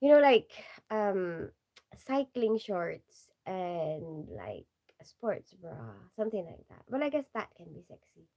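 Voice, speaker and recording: A woman's voice: medium pitch, sing-song, a little slow, creaky, muffled recording. A woman chatting casually on a live stream, giggly and rambling, filling her talk with "like" and "you know". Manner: giggly, keeps bursting into laughter.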